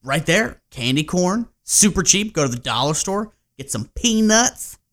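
A man's voice: high-pitched, sing-song, a little slow, a bit bright. A man co-hosting a podcast in casual chat, laid-back and jokey. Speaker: podcast co-host.

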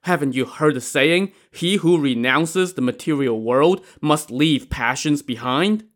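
A man's voice: a little high, a little slow, fairly bright tone. A man voicing an indignant big man who scolds and moralizes. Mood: indignant scolding. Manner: scolding, preachy.

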